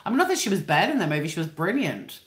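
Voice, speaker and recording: Very animated and very fast, an Australian woman in her fifties with a lowish voice hosts a home livestream from her living room. She rambles casually and swears freely, with roomy echo on the recording.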